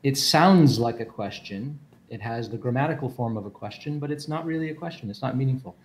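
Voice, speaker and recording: A man's voice: mid-range voice, animated, fairly quick. A man explaining philosophy in a casual group talk, thinking aloud with restarts and repeated words over an online call.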